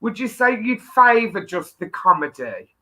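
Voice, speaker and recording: A woman's voice: mid-range voice, very animated, unhurried, sharp tone. A woman with a Birmingham accent hosting a casual interview, effusive and enthusiastic. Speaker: host.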